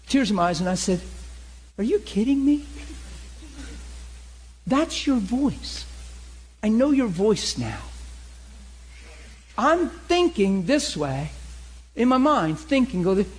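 A man in his forties, a preacher telling hunting stories in a lively, laughing sermon style. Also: high voice, husky. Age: 40s. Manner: animated, laughing storyteller. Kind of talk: sermon storytelling.

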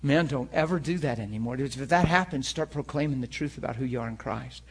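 Husky, animated male preacher. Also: mid-range voice, brisk. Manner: laughing, animated, conversational preaching. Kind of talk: sermon.

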